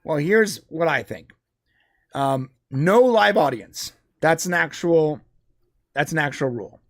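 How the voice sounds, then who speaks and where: A man chatting casually as a podcast co-host. His voice sits fairly high for a man and sounds dry and close to the mic. He talks loosely, with restarts and fillers. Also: expressive, a little slow, no echo. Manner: conversational, with frequent restarts and fillers. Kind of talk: casual live-stream chat.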